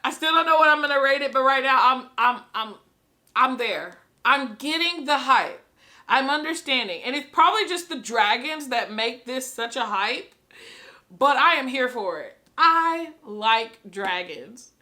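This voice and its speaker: A woman filming a casual book reaction vlog, gushing and excitable, often laughing and repeating herself as she rambles. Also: sits high, unhurried. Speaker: book vlogger. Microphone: camera she films herself with.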